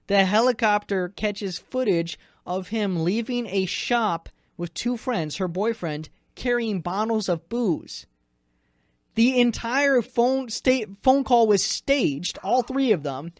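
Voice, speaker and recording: A man's voice: high voice, expressive, takes it slowly, no echo. Tired male co-host for a local radio chat show, rambling and jokey storyteller, dry studio sound. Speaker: news director, co-host. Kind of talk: casual chat, telling a news story.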